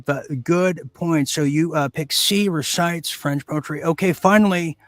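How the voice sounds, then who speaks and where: Brief: male mock quiz host, slightly high voice, hammy deadpan delivery, dry close mic. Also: no echo. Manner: hammy, deadpan joking with filler-heavy pauses. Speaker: game show host. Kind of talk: mock quiz show hosting.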